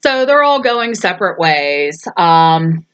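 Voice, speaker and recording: A woman's voice: on the low side, big pitch swings, slow, smooth, highs cut off. Chatty woman recapping a movie. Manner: chatty, retells scenes and acts out quoted lines; laughs often while talking. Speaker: movie review host. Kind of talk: casual movie recap chat.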